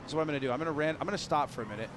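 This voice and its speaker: A hoarse young man hosting a gaming channel, giving hyped, giggly commentary while he plays and shouting when things get exciting. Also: a little high, rapid-fire, background noise.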